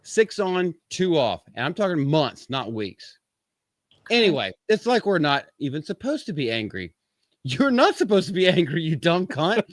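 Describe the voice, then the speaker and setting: This man's voice sits fairly high and moves in a sing-song way at a moderate pace, with no echo. As a podcast host on a live-stream commentary show, he reads quotes out and interrupts them with sarcastic, profane mockery.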